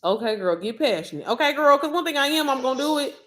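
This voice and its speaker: A woman coaching viewers in a casual livestream. She talks in a chatty, slangy way, speaks straight to her audience, and her pitch and loudness swing often. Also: animated, fast, a little hiss or hum. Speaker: online business coach.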